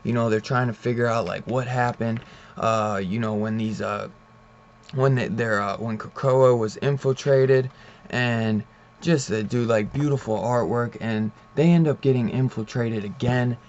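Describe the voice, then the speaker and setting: A man with a mid-range, slightly mellow voice and a steady tone speaks a little slowly in a casual, profane comic book review rant. He leans heavily on "like," "man" and "dude" while loosely retelling scenes. The audio is slightly dull and muffled.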